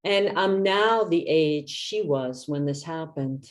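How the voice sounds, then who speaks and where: A woman in her fifties, a meditation teacher, giving a reflective talk in a gentle, soft-spoken way. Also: low-pitched, slow pace.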